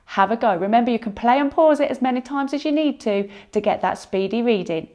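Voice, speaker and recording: A woman teaching a phonics lesson to young children, sounding out words slowly and encouraging them. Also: a little high, a little mellow, lo-fi sound. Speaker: primary school teacher.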